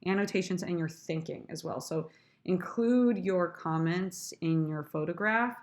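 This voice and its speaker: Woman drama teacher, low voice, unhurried delivery, chatty with students. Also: a little mellow. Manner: talks through her own sonnet rehearsal, trying lines aloud; chatty, addresses students directly. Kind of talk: screen-recorded lesson.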